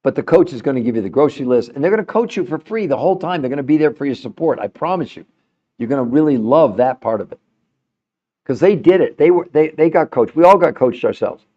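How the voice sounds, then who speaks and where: A man's voice: mid-range voice, animated, quick pace, muffled recording. An older man hosting a health show, chatting casually and animatedly with a caller, often laughing and calling her by name. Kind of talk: casual live call-in chat.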